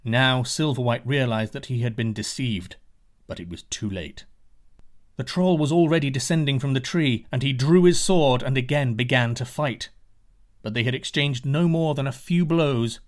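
A man narrating a fairy tale in a measured, expressive reading. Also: medium pitch. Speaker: storyteller.

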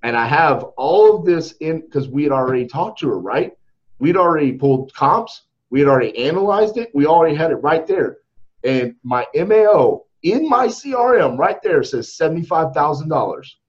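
A man's voice: a little high, big pitch swings, normal speed, muffled recording. A man, a company CEO, telling a story in casual podcast chat, candidly, and often tagging his sentences with "right?". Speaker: company CEO and home buyer.

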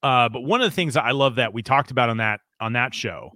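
An American man co-hosting a podcast, talking casually about marketing with quick asides and lots of restarts. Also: medium pitch, expressive, bright, forceful tone, dry recording, studio quality. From United States. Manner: chatty, quick asides, frequent fillers and restarts. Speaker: podcast co-host.

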